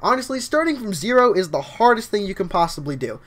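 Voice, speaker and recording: A young man with a scratchy voice livestreams a game from home, chattering and rambling to his chat. His pitch leaps up and down in lively bursts as he plays. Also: quick pace. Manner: excitable, rambling, greets chat often. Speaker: livestreaming gamer.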